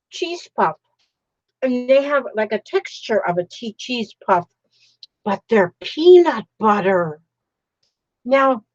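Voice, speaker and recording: A woman's voice: on the high side, darkish tone, no echo, highs cut off. An older woman chatting casually while opening happy mail, gushing and exclaiming often. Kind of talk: casual live-stream chat.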